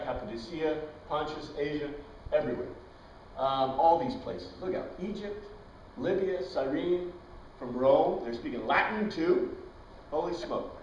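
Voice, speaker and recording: A man's voice: on the high side, darkish tone, a little hiss or hum. Chatty male teacher in an echoey room. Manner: chatty, tosses questions to the class, wanders into tangents. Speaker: Bible class teacher. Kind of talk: informal Bible lecture. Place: classroom with students. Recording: dull, echoey room recording from far off.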